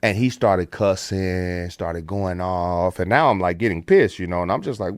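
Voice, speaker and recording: A middle-aged American man with a lowish voice tells stories in a casual podcast chat at a moderate pace with few pauses. He's animated, does put-on voices for quotes, and swears freely. The recording is dry and studio quality.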